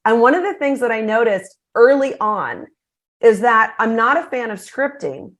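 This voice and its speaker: A middle-aged woman, a guest speaker on a podcast interview, explaining her ideas in an energetic, animated way. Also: fairly high pitch, moderate pace.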